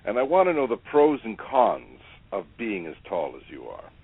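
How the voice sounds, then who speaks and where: A man's voice: lowish voice, huge pitch swings, normal speed, breathy edge, dry recording. A man hosting an interview, speaking earnestly and stumbling over repeated words. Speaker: interviewer host. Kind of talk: conversational interview. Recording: tinny phone-like line, dry.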